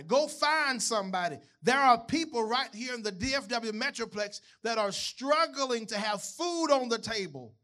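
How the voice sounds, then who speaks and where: A man's voice: very high voice, pushed and bright. A man preaching a sermon in a church, conversational, often checking in with the congregation. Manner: conversational, asks the congregation questions. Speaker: pastor.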